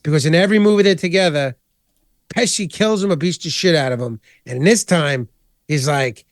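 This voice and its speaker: A man hosting a podcast, chatting casually in a rambling, animated way and swearing constantly. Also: fairly high pitch, brisk, no room sound, studio quality. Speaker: podcast host. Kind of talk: casual chat.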